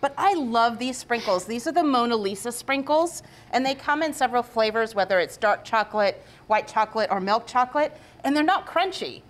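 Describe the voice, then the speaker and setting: A woman pastry chef walks through her dishes in an upbeat, explaining way. Her voice sits a little high, and she talks like she is demonstrating on camera. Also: animated, brisk, hardly any pauses. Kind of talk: cooking demonstration.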